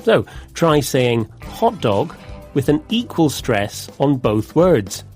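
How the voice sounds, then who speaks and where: A man co-hosts an English vocabulary lesson, explaining compound words slowly and clearly. His pitch rises and falls a lot as he speaks, and there is faint music behind his voice in a dry studio. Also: big pitch swings, darkish tone. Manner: clear, measured explanations with demonstrated stress. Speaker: co-presenter of an English vocabulary programme. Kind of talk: scripted teaching dialogue.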